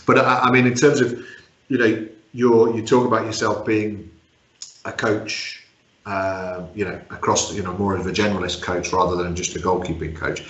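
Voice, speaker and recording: A man's voice: on the low side, little pitch movement, moderate pace, a bit bright. A man hosting an interview, asking questions with lots of fillers and short encouraging replies. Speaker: podcast host. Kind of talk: conversational interview. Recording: roomy muffled audio.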